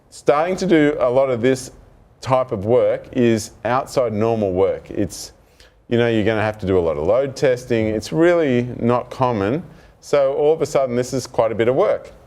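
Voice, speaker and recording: A man presenting a developer talk and telling a workplace story with acted-out dialogue. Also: mid-range voice. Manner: animated storytelling, acts out dialogue. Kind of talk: technical talk to an audience.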